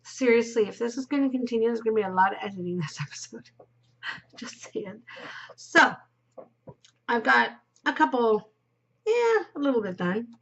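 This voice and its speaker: A woman's voice: a little high, very animated, fairly quick, vocal fry, a bit bright. A woman hosting a knitting podcast, chatting casually and rambling as she knits, giggling and dropping into murmurs, yawning now and then. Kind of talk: casual chat while knitting. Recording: dull lo-fi recording.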